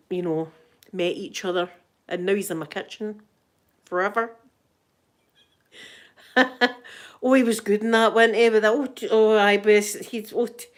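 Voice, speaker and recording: An older woman with a Scottish accent, chatting casually and cheekily as an ASMR host, laughing often. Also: mid-range voice.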